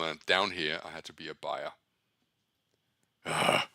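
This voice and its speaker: On his own channel, a man keeping a trading journal talks casually through charts he's screen-sharing, rambling bluntly and correcting himself along the way. His very deep voice barely moves in pitch, is unhurried, with vocal fry and a sharp tone, in a dry recording.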